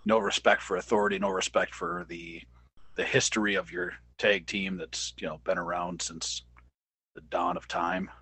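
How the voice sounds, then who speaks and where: A man co-hosting a casual podcast chat, animated and playful. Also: low-pitched, moderate pace, breathy edge, no echo. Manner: animated, mocking impressions in bursts. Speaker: podcast co-host. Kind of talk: casual wrestling review chat.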